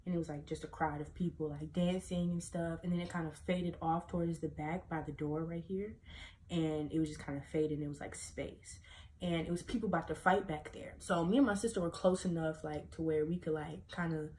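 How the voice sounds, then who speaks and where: Young woman, casual storytime vlog, animated and profane, slightly low voice, faint room noise. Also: fairly quick. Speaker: vlogger.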